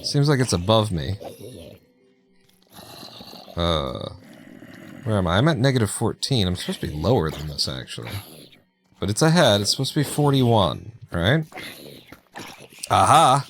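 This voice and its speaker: Low-voiced guy streaming a game, laid-back, laughing to himself, faint music behind. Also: very animated, normal speed, long pauses. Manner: chatty, laughing, talking to himself. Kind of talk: live gameplay commentary.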